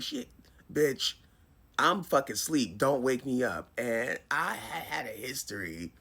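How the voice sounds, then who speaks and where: Animated, profane woman telling a story. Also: lowish voice. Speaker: vlogger. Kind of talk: storytime vlog.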